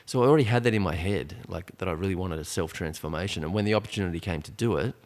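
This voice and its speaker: A man's voice: sits low, rapid-fire, a little mellow. A man around forty, a podcast guest telling a personal story in a rambling, casual way, full of restarts and fillers.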